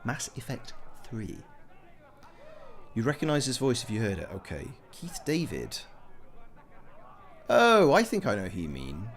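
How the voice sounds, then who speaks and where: A man's voice: medium pitch, wildly swooping pitch, moderate pace, a little hiss or hum. A man giving casual let's-play commentary, chatting with his chat and rambling into jokey asides. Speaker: gameplay commentator.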